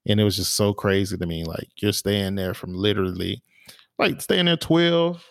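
A man co-hosting a podcast, telling stories in a relaxed, casual way with lots of fillers and restarts. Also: on the low side, normal speed, gravelly, no echo, studio quality. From small town in the US. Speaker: podcast co-host. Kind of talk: casual chat.

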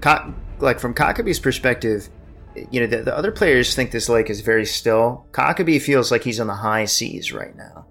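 A man narrating as game master of a tabletop game, describing scenes in a measured way. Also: medium pitch, expressive, a bit bright, soft background music.

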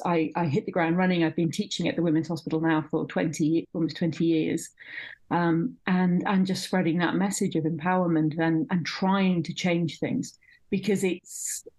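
A middle-aged woman with a fairly low voice speaks as an interview guest. She talks with conviction and leans on repeated phrases to drive her points home. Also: a little mellow. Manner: passionate, emphatic, repeats words when stressing a point. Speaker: midwifery teacher and guest. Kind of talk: conversational interview.

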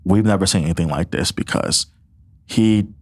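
Speaking at a moderate pace in a low, darkish voice, a young man tells his faith testimony as a podcast guest. He's earnest and emotional, acts out other people's words and laughs a lot.

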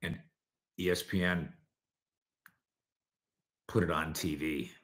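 With a slow, bass voice, this man hosts a sports opinion program, sounding animated and sarcastic as he acts out player and coach quotes.

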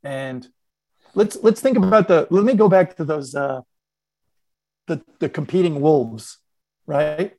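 Man, panel discussion, reflective storyteller, laughs often, slightly high voice, dry close sound. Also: a little slow, long pauses, darkish tone, no room sound. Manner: reflective, laughs often, unpacks points aloud. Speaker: podcast panelist. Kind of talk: conversational storytelling.

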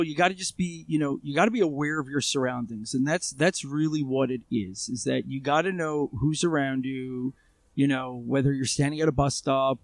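This Israeli armed civilian responder speaks as an interview guest in a gravelly, creaky, mid-range voice. His storytelling is conversational and full of fillers and restarts, and he sounds close and dry with no room sound.

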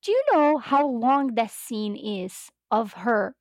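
A woman co-hosting a podcast in casual chat, animated and giggly, acting out lines she quotes. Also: a little high, slow, no room sound, studio quality. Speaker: podcast co-host.

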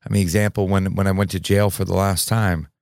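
A man hosting a podcast with a low, gravelly voice, recorded close and dry. He speaks reflectively, circling back and restarting his sentences as he thinks aloud. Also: level tone, brisk, darkish tone, no echo. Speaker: podcast host. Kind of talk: casual conversation.

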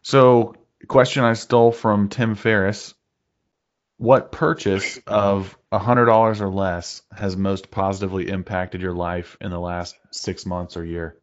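A man's voice: sits low, flat delivery, unhurried. A male podcast host in a casual interview, chatty and friendly, asking reflective questions. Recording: slightly dull, lo-fi sound.

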